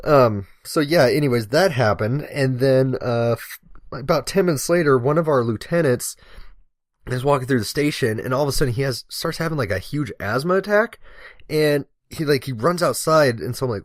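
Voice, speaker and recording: A young man rambles through a profane, joking story in a casual, deadpan voice, as if commentating over a video game. His voice sits in an ordinary middle pitch. The sound is close and dry, with no room around it. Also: moderate pace, no echo. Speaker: guest commentator, firefighter-medic.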